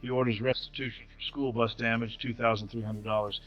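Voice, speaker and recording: A man's voice: medium pitch, level tone, fairly quick. Man narrating a dramatic story. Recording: slightly dull audio with faint music.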